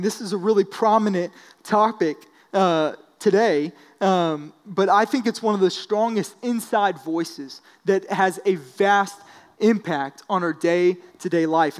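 Man, high voice, casual storytelling sermon, long hall reverb. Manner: casual storytelling with many fillers. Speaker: speaker at a church service. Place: large hall with an audience.

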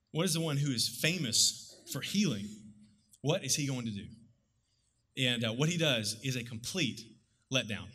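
A man's voice: medium pitch, sharp tone, breathy edge, big-room sound. A male pastor preaching a conversational sermon, acting out the voices of people in the story.

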